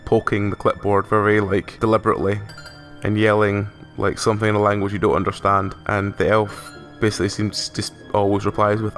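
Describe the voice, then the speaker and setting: A man's voice: lowish voice, little pitch movement, brisk, a bit bright, faint music behind. A man narrating a tabletop game as game master, loose and casual, dropping lots of "like" as he describes scenes.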